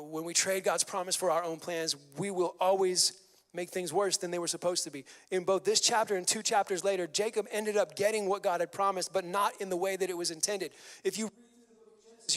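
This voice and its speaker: The pastor here is a man with a high-pitched, fairly bright voice, preaching with energy and throwing slang asides between scripture passages. It's recorded in a church sanctuary with long hall reverb.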